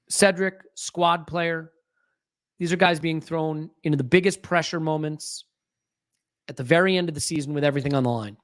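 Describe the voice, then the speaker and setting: Watch-along podcast host, live match commentary, anxious fan energy, mid-pitched, desk mic. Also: fairly bright tone. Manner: anxious, restless fan commentary with frequent restarts. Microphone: fiddles with a desk microphone.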